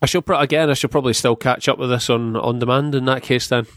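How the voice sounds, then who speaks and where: A man hosts a film chat podcast, talking in a wry, playful way and tossing in jokey asides. His voice sits at an ordinary middle pitch and sounds dry and close to the mic, with no room around it. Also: fairly even intonation, fast, fairly bright tone, no echo. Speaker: podcast host. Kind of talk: casual film review chat.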